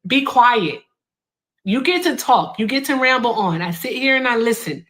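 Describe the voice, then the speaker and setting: A woman's voice: fairly high pitch, lively intonation, normal speed, a bit bright. A young woman hosting a heated debate, blunt and combative, cutting in with commands. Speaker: host.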